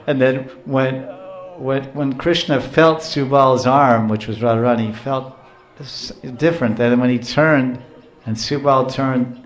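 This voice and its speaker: A man's voice: medium pitch, slow, faint music behind. Male preacher, storytelling lecture, laughs often, explains words, roomy echo. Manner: animated, chuckling, explains terms.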